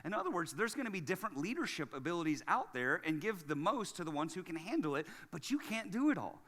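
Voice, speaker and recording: A man preaching a sermon as lead pastor, chatty and jokey, going from hushed to loud. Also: high-pitched, very animated, fast, long reverb tail.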